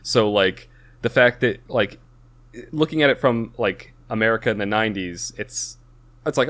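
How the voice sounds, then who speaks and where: A man chatting casually about a movie he watched with friends, retelling scenes with animated acted-out lines. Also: fairly low pitch, normal speed. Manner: animated retelling, acts out characters. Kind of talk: casual movie review chat.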